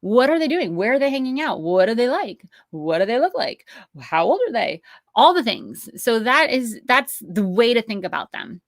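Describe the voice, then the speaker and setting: This woman, in her thirties, has a fairly high, very animated voice at normal speed. She teaches an online course over live stream with Q&A in a chatty, cheerful way, peppered with tangents and fillers, recorded at studio quality with no echo.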